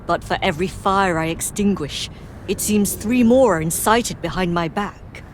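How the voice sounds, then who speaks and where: A woman's voice: lowish voice, slight background noise, close to an everyday voice. A woman voicing a stately, formal game noblewoman. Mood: grave, formal. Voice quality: measured, formal archaic diction. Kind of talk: video game dialogue.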